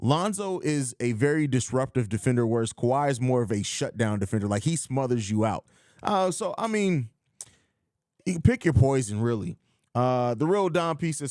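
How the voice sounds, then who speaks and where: A man's voice: mid-range voice, lively intonation, moderate pace, darkish tone, no room sound, studio quality. A man hosting a live post-game podcast in casual chat, blunt and emphatic, reading out viewer comments. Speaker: podcast host.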